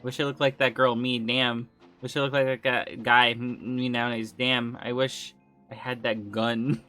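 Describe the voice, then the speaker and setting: A woman's voice: very deep voice, flat delivery, moderate pace, a bit bright, soft background music. A woman streaming a game, chatting casually with her chat, laughing often and swearing freely. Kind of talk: casual game livestream commentary, reading chat.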